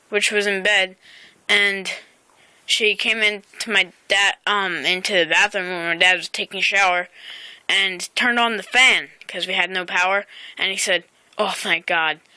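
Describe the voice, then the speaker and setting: Filming herself on a phone camera outside by a house, a teenage girl rambles casually in a vlog. Her medium-pitched voice sounds pushed and bright, clear and resonant with no echo, and her speech halts with plenty of ums and self-corrections.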